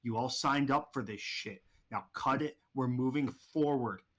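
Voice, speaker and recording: A man's voice: mid-range voice, measured pace, fairly bright tone. A man voicing a hard-nosed covert operative who gives curt, profane orders in a tabletop game. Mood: commanding.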